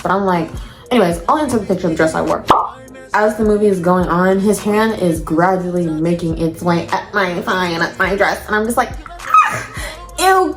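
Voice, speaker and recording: A woman's voice: medium pitch, roomy sound. A young woman telling a storytime vlog to her viewers in casual slang, addressing them as y'all. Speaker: storytime vlogger.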